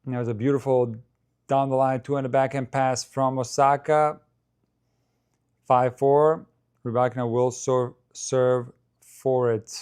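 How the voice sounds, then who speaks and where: A man doing relaxed live commentary for a stream. His voice sits at an ordinary middle pitch. He chats and thinks aloud, and talks straight to his viewers. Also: unhurried, long pauses, smooth. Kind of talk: casual live match commentary.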